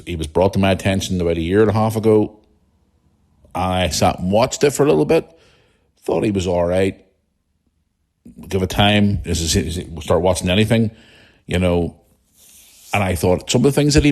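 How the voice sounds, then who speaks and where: A man's voice: lowish voice, darkish tone. A man hosting a podcast in a casual monologue, talking bluntly and heatedly with plenty of swearing. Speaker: podcast host.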